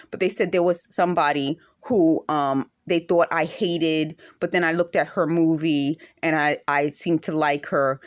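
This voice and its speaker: A woman with an accent speaks to camera in an indignant vlog monologue, firing off emphatic rhetorical questions. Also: lowish voice. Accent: speaks with an accent of her own. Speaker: vlogger.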